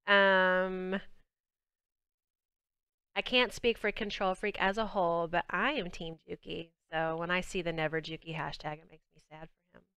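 A woman's voice: fairly low pitch, fairly even intonation, moderate pace, a bit bright, smooth, dry recording. Chatty Southern woman streaming a game. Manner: chatty, bubbly, talks to chat while playing. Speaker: livestream game host. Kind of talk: casual game stream chat.

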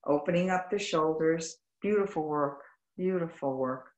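A woman yoga instructor teaching a live class over a video call, calling out poses in brisk, clipped commands and greeting students warmly by name. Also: low-pitched, reverberant, lo-fi sound. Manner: brisk rapid-fire commands in short clipped phrases. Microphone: video call microphone.

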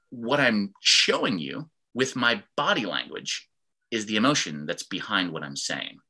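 A man teaching an online fitness class over a video call, explaining ideas calmly and acting out example sentences in different tones. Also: on the low side, a little slow. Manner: animated, acts out example sentences in varied tones. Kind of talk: online class lecture with screen share.

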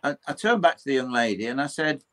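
A man's voice: mid-range voice, animated, fast, fairly bright tone. An older Englishman, a historian and paranormal investigator, telling a personal ghost story in an interview, acting out the voices of the people in it and swearing mildly now and then. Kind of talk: animated storytelling in conversation.

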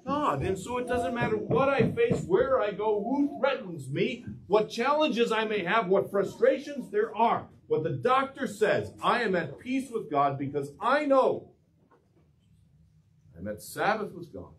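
A man's voice: sits high, very animated, a little slow, far from the mic. A male pastor preaching a sermon in a church. He asks the congregation questions and waits for their answers. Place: church sanctuary.

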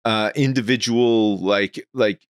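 A man's voice: on the low side, takes it slowly, smooth, no room sound, studio quality. A middle-aged Canadian man co-hosting a podcast, telling stories with lots of laughter and swearing. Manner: laughing, animated storytelling, swears freely. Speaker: podcast co-host. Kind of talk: casual chat.

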